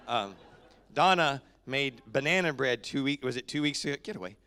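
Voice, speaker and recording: A man leading a casual church welcome, joking and chatting in an easy, unhurried way. He sounds like a down-to-earth pastor speaking to his own congregation in the sanctuary. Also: medium pitch, expressive, pushed and bright, smooth.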